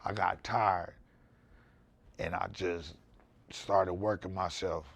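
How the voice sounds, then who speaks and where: A man speaking as a podcast guest, telling his story in loud, animated, candid conversation and swearing freely. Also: low-pitched, slow, a little hiss or hum.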